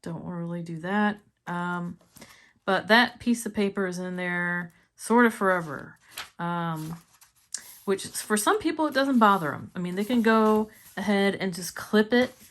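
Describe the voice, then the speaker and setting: A chatty woman with a Missouri twang talks through her planners in a casual vlog, her voice sitting at an ordinary middle pitch. She laughs often and sounds upbeat, and a faint hiss runs under the recording. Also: lively intonation, measured pace, fairly bright tone. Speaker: planner vlogger.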